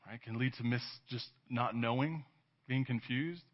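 The sermon comes from a pastor from California with a medium-pitched voice and a moderate pace. He talks conversationally, checks in often with "right?", breaks into laughter at times and acts out quoted voices. The recording is dull and lo-fi.

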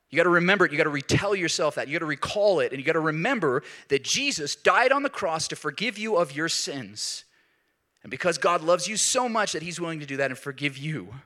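A man preaching a sermon in an animated way, rising to emphatic peaks. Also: on the high side. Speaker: pastor.

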